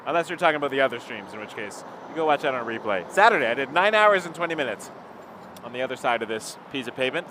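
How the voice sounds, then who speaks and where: A man's voice: mid-range voice, animated, fast talker. Chatty Toronto man outdoors in traffic. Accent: Toronto Canadian. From Toronto area, Canada. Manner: rambling, chatty, reads out viewer comments. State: cold, marching to keep warm. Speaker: live stream host. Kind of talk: casual live stream chat. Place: outdoors by an airport runway at night.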